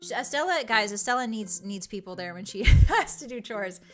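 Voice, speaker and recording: A woman's voice: medium pitch, lively intonation, normal speed, faint music behind. A young woman streaming live, chatting casually and reading her chat, playful, giggly and teasing. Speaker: virtual streamer.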